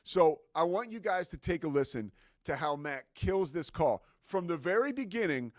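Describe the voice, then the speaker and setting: Male sports show host, casual and excitable, fillers galore, dry booth sound. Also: a little high, moderate pace, dry recording. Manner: enthusiastic, conversational, many fillers.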